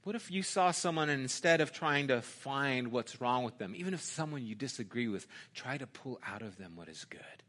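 Conversational pastor, bright voice, loud-to-hushed. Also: male voice, mid-range voice, animated, moderate pace, few pauses. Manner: conversational, swings from loud emphasis to hushed intimate asides. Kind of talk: sermon.

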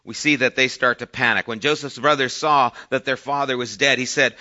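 A man preaching a sermon who reads scripture aloud and explains it conversationally, swinging between soft asides and emphatic points. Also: medium pitch, steady tone, brisk, hardly any pauses, dull audio. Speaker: pastor.

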